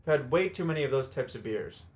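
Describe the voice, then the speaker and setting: A man's voice: medium pitch, expressive, fast talker. A man co-hosting a podcast, chatting casually, rambling and laughing often. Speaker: podcast co-host. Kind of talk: casual chat.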